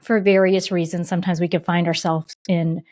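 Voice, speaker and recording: A woman co-hosting a podcast in casual conversation, chatty and quick to laugh, often retelling what others said. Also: lowish voice, level tone, a little mellow. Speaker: podcast co-host.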